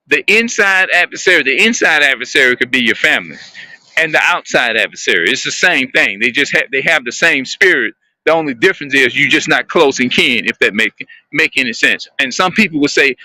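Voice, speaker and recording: A man talking to his viewers in a rambling, halting monologue, often repeating and restarting his phrases. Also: a little high, sharp tone, dry recording.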